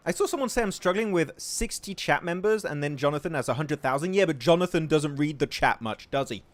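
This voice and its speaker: A man's voice: a little high, a little fast, hardly any pauses. A young man from England casually commentating a mobile esports match on a livestream, reacting to plays and reading chat aloud. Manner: excitable, reads chat aloud. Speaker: esports caster.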